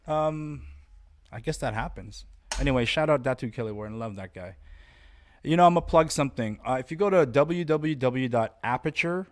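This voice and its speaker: In a casual podcast monologue, a male host speaks as a martial arts instructor at a medium pitch. His delivery is blunt, profane, rambling, and animated.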